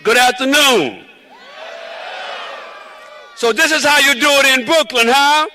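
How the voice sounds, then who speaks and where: A man's voice: very high voice, unhurried, sharp tone, slight background noise, rough recording. A man from South Carolina with a Southern drawl, giving a rhythmic, preacherly rally speech outdoors. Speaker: rally speaker. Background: cheering crowd.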